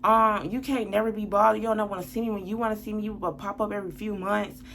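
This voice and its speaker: A woman's voice: medium pitch, fairly even intonation, fast talker, gravelly, fairly bright tone, slight background noise. A woman telling a personal story on her vlog in a blunt, profane, worked-up way. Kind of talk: casual storytime monologue.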